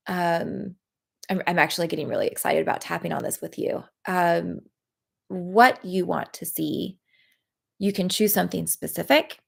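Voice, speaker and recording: A woman leading a live guided tapping session, talking in a gentle, encouraging way with many pauses and fillers. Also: lowish voice, creaky, husky. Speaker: EFT tapping practitioner.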